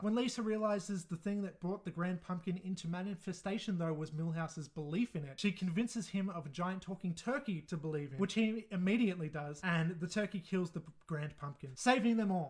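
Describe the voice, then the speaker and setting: A man casually reviewing and ranking episodes, rambling and self-deprecating, swearing freely. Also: high voice. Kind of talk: casual commentary.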